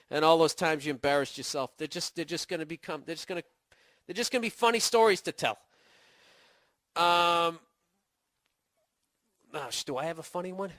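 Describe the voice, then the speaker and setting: A middle-aged man with a Boston accent riffs through a comedic podcast monologue, profane and sarcastic. His voice is bright and forceful, sitting a little high. The sound is close and dry. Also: no echo. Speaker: podcast host.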